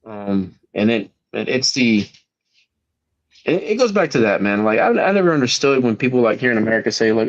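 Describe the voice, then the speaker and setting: A man's voice: on the low side, expressive, normal speed. A man calling into a stream panel, chatting casually in a reflective, meandering way and often saying "man". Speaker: caller on panel. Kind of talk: casual call-in chat. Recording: dull lo-fi call-in audio.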